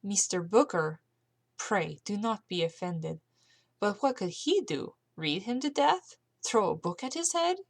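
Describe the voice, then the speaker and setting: Casting: a spirited, scared woman with a French accent, quick and scornful, read by a woman in a storybook. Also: mid-range voice, expressive, no echo. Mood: mocking. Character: frightened woman from France, spirited and blunt.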